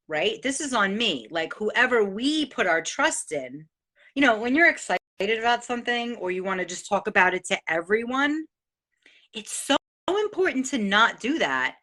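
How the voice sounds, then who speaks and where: An excitable middle-aged woman talks straight to her viewers, her voice bright and forward. She swears freely as she hands out life advice, and she does not hold back. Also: a little high. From New York. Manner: excitable, animated and profane. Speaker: host sharing life advice. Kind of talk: casual motivational monologue.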